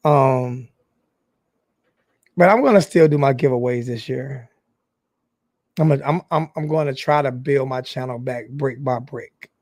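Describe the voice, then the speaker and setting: A young man in an emotional, apologetic vlog monologue who talks haltingly, with many restarts and repeated phrases. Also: medium pitch, a little mellow, no room sound. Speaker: sports fan YouTuber.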